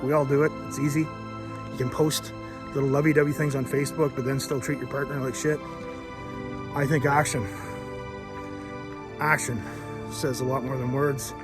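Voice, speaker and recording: Canadian guy in his 50s, blunt gym coach vlog voice-over, swears a lot, mid pitch, bit of music under it. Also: flat delivery, moderate pace, pauses often. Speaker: fitness vlogger.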